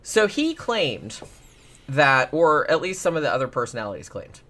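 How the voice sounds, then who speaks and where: A man's voice: a little high, very animated, moderate pace, fairly bright tone. A man hosting a casual true-crime podcast, rambling with lots of "like" and restarts. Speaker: podcast host.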